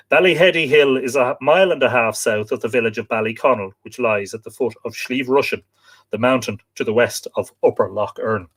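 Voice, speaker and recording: A man's voice: medium pitch, a bit bright. An Irish man hosting a live stream, reading from a book and adding chatty asides for viewers, sometimes spelling out place names. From Ireland.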